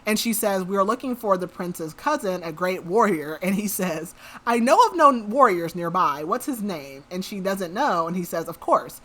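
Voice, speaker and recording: A woman podcast host casually recaps a novel's plot in a low-ish, expressive voice at a normal speed, barely pausing. She's chatty, saying "like" a lot and quoting the characters in her own everyday voice.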